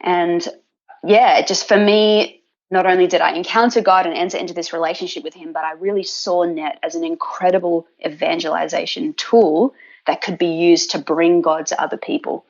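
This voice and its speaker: A young Australian woman speaking as a guest on a podcast, chatty and quick to laugh. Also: fairly low pitch, fairly even intonation, lo-fi sound. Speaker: podcast guest, ministry worker. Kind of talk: casual chat.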